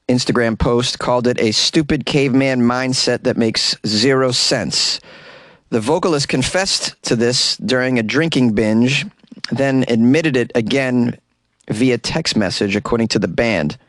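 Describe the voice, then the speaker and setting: A man's voice: mid-range voice, unhurried, a bit bright, no echo. Sarcastic man with a Boston accent. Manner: sarcastic, mocking, slips into silly voices. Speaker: comedian podcast host. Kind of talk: comedic news monologue. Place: small closet.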